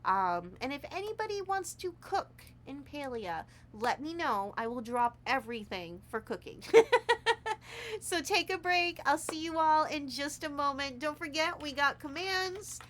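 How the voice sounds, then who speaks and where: Excitable girl streamer, high bright voice, squeals and gushes, talks kinda unhurried. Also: a little hiss or hum. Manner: excitable, gushing and squealing with delight; chatty, addresses viewers as sweethearts. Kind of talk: casual live gameplay stream chat.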